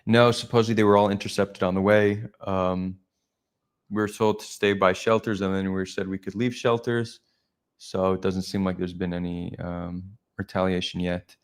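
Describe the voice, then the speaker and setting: A man's voice: low voice, flat delivery, moderate pace, clean tone. A man hosting a live stream, chatting casually and reflectively with viewers, rambling a little as he goes.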